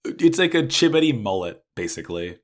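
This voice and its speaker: A man's voice: medium pitch, big pitch swings, brisk. A man co-hosting a podcast, recapping an anime in a rambling, casual way, full of "like" and restarts. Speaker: podcast co-host.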